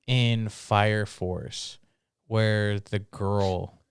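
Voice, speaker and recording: A man co-hosting a podcast, mostly listening and adding short, drawn-out replies. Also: on the low side, fairly even intonation, creaky, clean tone, dry recording, studio quality. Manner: brief backchannel replies, slow and drawn out. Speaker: podcast co-host. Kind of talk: casual chat, mostly listening.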